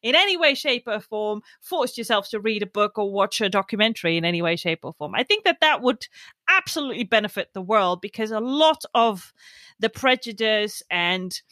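A woman's voice: medium pitch, expressive, fairly quick, a bit bright, dry recording, clean studio sound. A woman hosting a podcast, speaking earnestly and enthusiastically in a casual chat. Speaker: podcast host.

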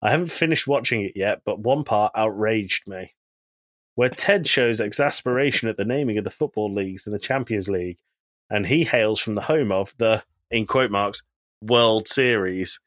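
A man's voice: on the low side, moderate pace, a bit bright, dry recording. A man co-hosting a podcast in casual chat, animatedly retelling TV scenes and quoting characters. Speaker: podcast co-host.

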